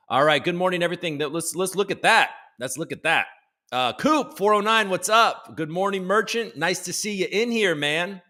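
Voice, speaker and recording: A man's voice: high voice, expressive, moderate pace, sharp tone. A man from the United States hosting a casual live stream from home, joking loosely and greeting chat viewers by name. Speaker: livestream host.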